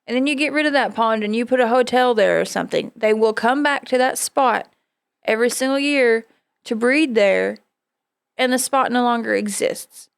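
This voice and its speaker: A woman's voice: fairly high pitch, moderate pace, creaky, smooth, no room sound. A woman hosting a podcast in casual chat, blunt and profane, laughing often. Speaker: podcast host.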